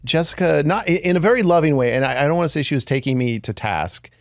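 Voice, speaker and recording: A man's voice: on the high side, expressive, fast, gravelly, no echo, clean studio sound. A man hosting a podcast, speaking in a hesitant, casual way with many restarts. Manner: hesitant, restarts and softens his words. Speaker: podcast host.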